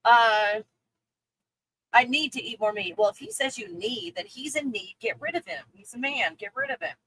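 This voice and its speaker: A woman's voice: a little high, animated, moderate pace, fairly bright tone, slight background noise, poor audio. A woman hosting a casual livestream, reading viewer comments and ranting with lots of swearing and laughter. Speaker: livestream host.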